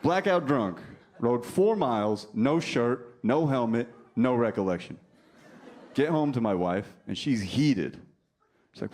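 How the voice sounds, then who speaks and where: A man's voice: mid-range voice, expressive, unhurried, darkish tone. Brash, profane stand-up comic man. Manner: brash, profane, teasing the crowd. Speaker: stand-up comedian. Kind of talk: stand-up set with crowd work. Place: comedy club stage. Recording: live club recording with faint crowd.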